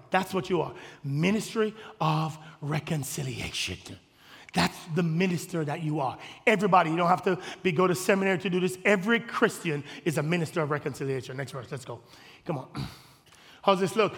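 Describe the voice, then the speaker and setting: Man, pastor: high gravelly voice, impassioned sermon in an echoey church hall. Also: a little fast. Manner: impassioned preaching, swelling to shouts, calling on the congregation. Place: church sanctuary.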